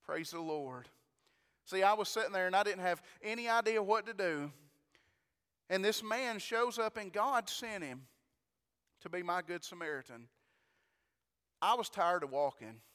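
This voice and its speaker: A man preaching a storytelling sermon, animated, stumbling over repeated words and breaking into praise. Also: high-pitched, a little slow, pauses often, clear, resonant tone, long reverb tail.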